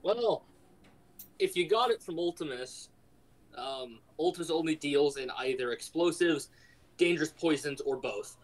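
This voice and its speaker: A man's voice: fairly high pitch, lively intonation, a little slow, low-quality recording. A man at a tabletop game, reading out options plainly with uh fillers. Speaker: player. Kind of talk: casual game table chat.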